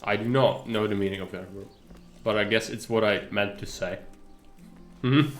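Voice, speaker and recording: A man's voice: fairly low pitch, moderate pace, roomy sound, faint music behind. A man from the Republic, chatting casually on a live stream and searching for words. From Czech Republic. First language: Czech. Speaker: game streamer.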